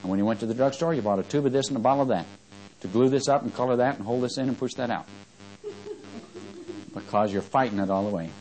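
A man preaching a Bible-teaching sermon, reading scripture with loud, rising emphasis and quizzing his listeners. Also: medium pitch, fast, pauses often, faint music behind, rough recording.

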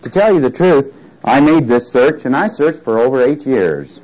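Male preacher, sermon on an old tape, mid-pitched, quizzes the room, reads scripture. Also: lively intonation, moderate pace, darkish tone. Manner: asks the congregation questions, jokes and reads scripture aloud. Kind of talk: sermon Bible study. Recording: dull lo-fi tape recording.

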